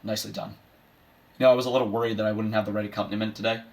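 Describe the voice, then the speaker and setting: A man's voice: lowish voice, little pitch movement, rapid-fire, soft background music, close to an everyday voice. A man playing a bitter, washed-up middle-aged male horse who delivers a sardonic, self-deprecating eulogy for his mother. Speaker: son giving a eulogy. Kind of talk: comedic dramatic monologue.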